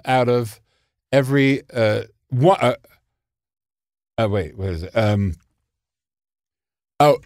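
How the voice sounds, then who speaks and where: A man telling show-business stories in casual conversation, animated and theatrical, acting out quotes. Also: medium pitch, no echo, studio quality. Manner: animated, theatrical storyteller who acts out quotes. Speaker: guest storyteller.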